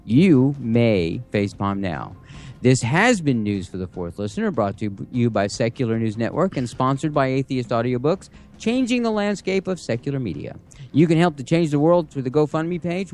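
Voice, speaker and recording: A man's voice: mid-range voice, a little mellow. A man presenting a satirical news segment with a sarcastic, wry delivery.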